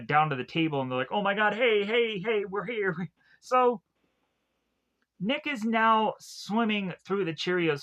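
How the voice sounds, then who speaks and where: Bright-voiced man rambling through a movie recap. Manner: rambling, many fillers and restarts; mock-acts characters' lines with lively pitch jumps. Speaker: movie reviewer. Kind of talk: casual plot recap.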